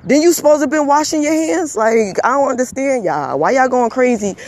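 High-voiced man in a fired-up rant. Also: animated, fairly quick, a little mellow. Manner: emphatic, repetitive, scolding; swears when emotional. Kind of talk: heated monologue rant.

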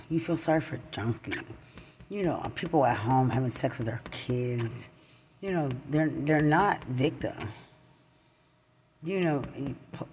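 A podcaster, a man, delivering an angry personal rant, bitter and accusing, rambling with sudden swings between loud outbursts and muttering. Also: medium pitch, a little hiss or hum.

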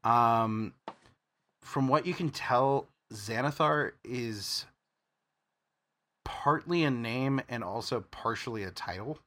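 A man running a tabletop game, speaking slowly and explaining things step by step. His voice has a bright, sharp edge. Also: mid-range voice. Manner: measured, explanatory. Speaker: game master.

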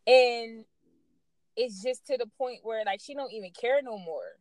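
A woman co-hosting a podcast in casual chat, telling stories in a lively, animated way. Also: on the high side, measured pace, no room sound. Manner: lively storytelling, animated and loud. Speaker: podcast co-host.

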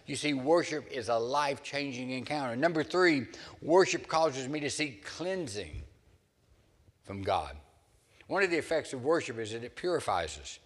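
A man's voice: medium pitch, expressive, normal speed. A male pastor delivers an earnest sermon, lifting his voice for dramatic scripture readings. His voice is in the middle range for a man. The sound carries a long reverb, as in a church sanctuary.

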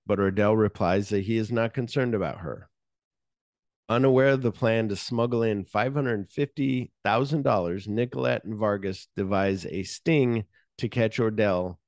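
Low-voiced guy rambling through a movie plot, swears a lot, dry close sound. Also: no room sound. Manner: animated scene retelling, frequent swearing. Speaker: podcast host. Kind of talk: casual movie-discussion chat.

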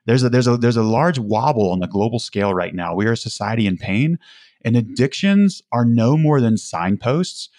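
A man's voice: mid-range voice, lively intonation, moderate pace, a little mellow, no echo, clean studio sound. A man speaking as a podcast guest, earnest and emphatic, often restarting his sentences. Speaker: podcast guest, recovery community founder. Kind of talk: conversational interview.

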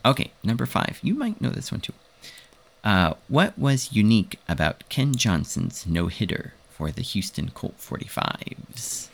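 A man's voice: fairly low pitch, big pitch swings, measured pace, creaky. A man co-hosting a casual podcast chat, reading out quiz questions and choices while laughing often. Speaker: podcast co-host, quizmaster.

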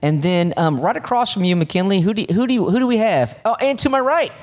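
A man hosting a casual podcast chat, excitable and whooping, with lots of stumbling restarts. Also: sits high, quick pace. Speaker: podcast host.

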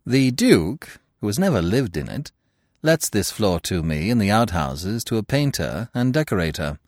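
A man voicing a suave, teasing young gentleman thief who talks in a playful, mock-affectionate way. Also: lowish voice, dry recording, studio quality, full character voice.

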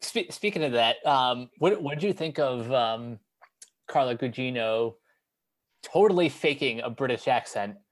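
An American man in a relaxed review chat picks his words slowly, stopping often with ums and restarting his sentences. His voice sits in an ordinary middle pitch. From United States. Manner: hesitant, many ums and restarts.

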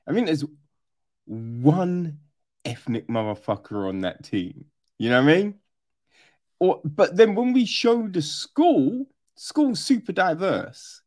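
A man talks through a film in a loose, profane review. His pitch swings widely and he takes his time. He often slips into mimicking characters. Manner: animated, swears often, mimics characters in a high voice. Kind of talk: casual film review monologue.

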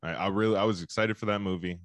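A man's voice: fairly low pitch, fairly even intonation, rapid-fire, fairly bright tone, no room sound. A man co-hosting a casual podcast, laid-back and teasing. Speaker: podcast co-host. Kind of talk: casual chat.

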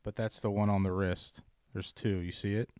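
A man in casual chat, ranting profanely about his bad day, dropping to mumbles and then yelling. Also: on the low side, level tone, moderate pace, a little hiss or hum.

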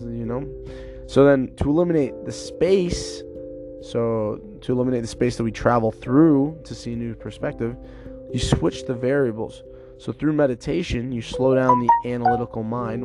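Stuffed-up young man musing on a podcast. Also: medium pitch. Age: 20s. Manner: rambling, loose and chatty. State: stuffed up with a cold. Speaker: podcast host. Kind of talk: casual solo podcast musing.

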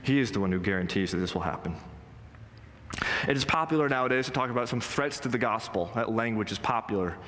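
A male pastor delivers an earnest, emphatic sermon in a mid-pitched voice. He slows down and leans into the lines he quotes. His voice rings out with the long reverb of a church sanctuary. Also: lively intonation, fairly bright tone, a little hiss or hum. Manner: emphatic, earnest preaching with slow stressed quotes.

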